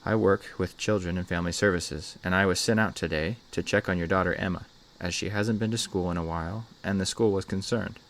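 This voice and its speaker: A man voicing a kind female social worker who speaks in a gentle, reassuring way. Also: low-pitched, steady tone, a little fast. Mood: polite.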